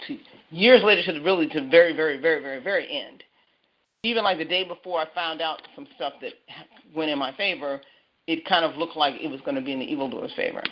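A woman giving an earnest personal testimony on a church call, halting and repeating herself as she speaks. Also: deep voice. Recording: muffled lo-fi call audio.

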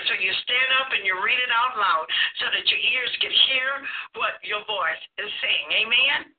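A woman's voice: medium pitch, moderate pace. A woman preacher delivering a sermon, asking the congregation questions and acting out everyday scenes. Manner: call-and-response questions, acts out everyday scenes. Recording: tinny phone line from far off, faint hiss.

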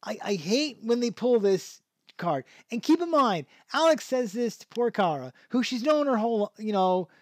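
A man's voice: very high voice, big pitch swings, moderate pace, dry recording, studio quality. A man hosting a podcast, talking through a show review in a rambling way, with many restarts and frequent chuckles. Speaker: podcast host. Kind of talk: casual review chat.

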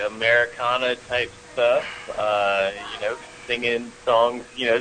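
A man who is a musician guest, talking about his band in a relaxed, rambling way with many fillers. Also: mid-range voice, low-quality recording. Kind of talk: casual interview chat. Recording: call audio with crowd noise behind.

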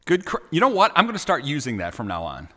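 A man hosting a talk show, teasing his guest in a playful, animated way. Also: a little high, fast talker, big-room sound. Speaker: radio show host.

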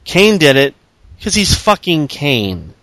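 A man's voice: on the high side, very animated, slow pace, fairly bright tone, dry recording. A man hosting a podcast, giving a sarcastic, profane casual recap. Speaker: podcast host. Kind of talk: casual wrestling recap chat.

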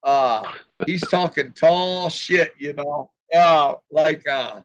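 Man, high pitch, rambling crude storyteller, laughs at his own jokes, dry sound. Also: takes it slowly, no echo, lo-fi sound.

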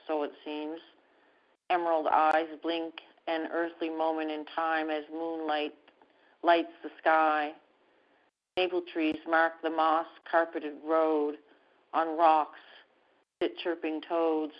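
A woman from Canada calling in to read her love poem aloud in a measured recitation. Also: low-pitched, flat delivery. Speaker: caller reading her poem. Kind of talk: poetry reading. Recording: dull lo-fi call audio.

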